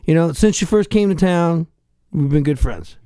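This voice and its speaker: A man's voice: a little high, expressive, normal speed, mellow, clear, resonant tone, dry recording, studio quality. A middle-aged man with a Boston accent, a podcast guest ranting in profane, heated, rambling bursts. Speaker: podcast guest, hardcore musician. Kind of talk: ranting casual chat.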